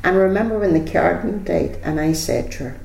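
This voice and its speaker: A woman's voice: lowish voice, a little fast, vocal fry, a little mellow, slight background noise. An older woman, reminiscing casually in an interview and retelling old conversations in a chatty storytelling manner. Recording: roomy echo.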